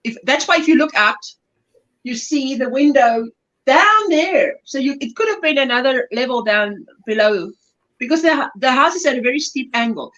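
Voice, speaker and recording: A woman's voice: high voice, expressive, normal speed, fairly bright tone, lo-fi sound. A woman from South Africa hosting a casual livestream chat, reading out viewer comments, greeting people by name and laughing often. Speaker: livestream host.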